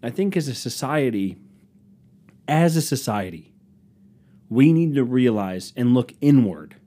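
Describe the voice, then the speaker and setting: A man's voice: mid-range voice, warm tone. A young man hosting his own podcast, ranting sarcastically about rude customers and mocking them in put-on voices. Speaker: podcast host. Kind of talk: solo comedic podcast rant.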